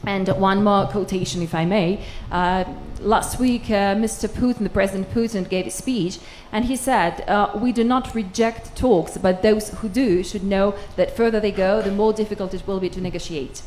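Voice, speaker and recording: A woman interpreting a speaker's answers into English at a press conference, steady with some hesitations. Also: medium pitch, normal speed, hardly any pauses. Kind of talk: consecutive interpreting.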